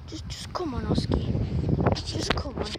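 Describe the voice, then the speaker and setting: Young woman, high voice, exasperated dog walker, handheld outdoor vlog with heavy background noise. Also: lively intonation, a little slow. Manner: exasperated, pleading with her dog. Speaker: vlogger. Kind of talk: casual vlog while walking a dog. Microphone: handheld camera. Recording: loud outdoor noise on camera mic.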